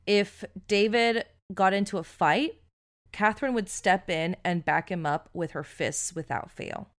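A woman's voice: mid-range voice, measured pace. Chatty woman telling a true crime story. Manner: chatty, swears freely, many "like"s. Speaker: podcast co-host.

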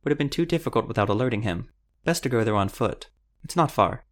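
A man voicing a young male shapeshifter forest dweller who speaks briskly and matter-of-factly. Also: medium pitch, expressive, slight background noise, close to an everyday voice.

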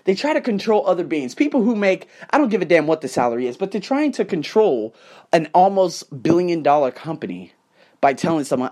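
A man's voice: on the high side, sing-song, a little fast, a little mellow. A man hosting his own show and delivering an emphatic, profane motivational rant full of repetition. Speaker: podcast host. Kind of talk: ranting motivational monologue.

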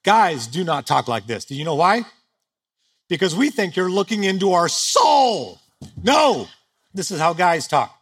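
A very animated pastor with a high, slightly bright voice and a breathy edge takes his time as he preaches on stage to a live crowd. The sermon is chatty and funny, full of self-deprecating humor.

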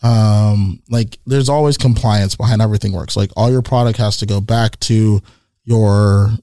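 A man with an easygoing, laugh-filled manner, telling animated stories in casual conversation, with lots of "like". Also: on the low side, normal speed, no echo, clean studio sound. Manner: animated anecdote-teller, laughs often, heavy use of "like". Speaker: guest. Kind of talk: casual storytelling chat.

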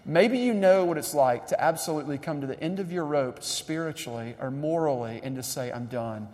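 A young adult man preaching a sermon in a conversational, animated way, building up emphasis. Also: fairly high pitch, fairly quick. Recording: long reverb of a large hall.

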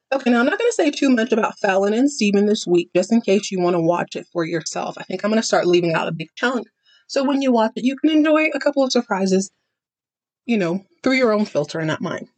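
A woman's voice: mid-range voice, no echo. A woman hosting a podcast, giving a sassy, dramatic, chatty recap of a TV episode. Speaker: podcast host. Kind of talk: casual TV recap commentary.

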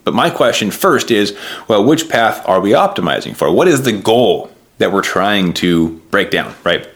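A young man speaks to camera in a deep, low voice. He talks earnestly and loosely as a coach sharing a personal story, padding his sentences with "you know" and "right". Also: big pitch swings, moderate pace, a bit bright. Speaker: diabetes coach. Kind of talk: personal vlog talk.

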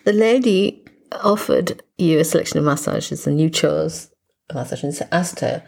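Woman with a raspy voice, teasing her brother in relaxed podcast chat. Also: sits low, normal speed. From England. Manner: teasing, playful storytelling. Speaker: podcast co-host. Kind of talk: casual chat.

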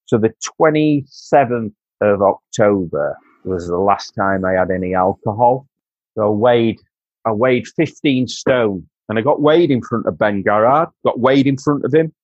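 A lowish, darkish-toned voice at normal speed belongs to a Doncaster man with a Yorkshire accent, candidly telling his story as a podcast guest. He's earnest, repeats himself and calls the host mate. The audio is dull but has no echo.

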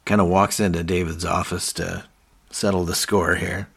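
Man, podcast co-host, casual recap chat, low voice, husky. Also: level tone, moderate pace, a bit bright. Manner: retells scenes, quoting characters in brief put-on voices.

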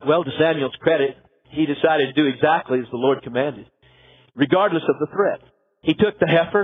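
A man's voice: high voice, breathy edge. A man pastor preaching a sermon, telling a biblical story with dramatic flair and acting out the characters. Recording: tinny phone-like sound.

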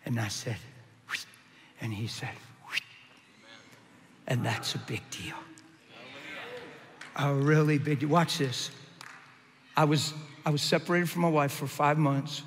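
A man preaching his testimony, moving between hushed and shouted lines with dramatic energy. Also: a little high, moderate pace, long pauses, big-room sound, a little hiss or hum. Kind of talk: testimony sermon.

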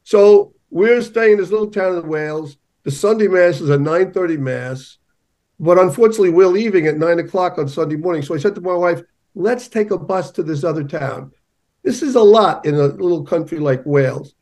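Emphatic man with a higher voice. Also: lively intonation, brisk, a little mellow. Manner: emphatic, storytelling. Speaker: journalist guest. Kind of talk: conversational interview.

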